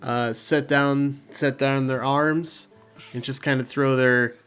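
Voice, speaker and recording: A man's voice: mid-range voice, steady tone, slow, fairly bright tone, smooth, faint music behind. A laid-back man narrating a tabletop game as game master, laughing easily.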